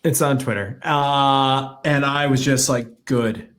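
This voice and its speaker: A man's voice: mid-range voice, steady tone, takes it slowly, fairly bright tone. A man co-hosting a casual sports podcast, talking animatedly and slipping into mocking impressions. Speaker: podcast co-host.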